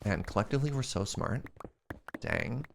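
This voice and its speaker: A man's voice: mid-range voice, expressive, normal speed, vocal fry, background noise. A young man streaming a game, chatting casually and joking as he answers chat questions. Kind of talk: casual live-stream chat while playing.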